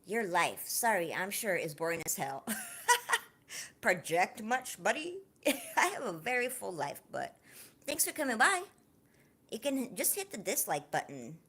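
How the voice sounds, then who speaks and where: A woman's voice: mid-range voice, moderate pace, slightly rough. A woman hosting a casual livestream, talking earnestly and personally to her viewers, then chatting and laughing with the chat. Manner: heartfelt, confiding, warm toward viewers; lively, laughing, joking with chat. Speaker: livestream host.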